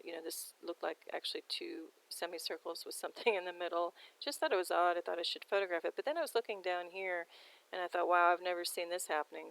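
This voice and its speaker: A woman's voice: fairly low pitch, creaky, low-quality recording. A woman hosting her own sky observation show, talking casually over a set of photos, rambling with many ums and restarts.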